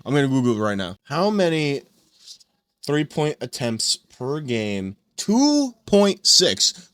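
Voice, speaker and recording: An exasperated young man rants at his computer at home, hammering his points and repeating them. His voice sits a little high, and the sound is dry and close. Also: a bit bright, no echo. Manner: exasperated, emphatic, repeats himself. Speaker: sports commentator. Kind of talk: ranting fan commentary.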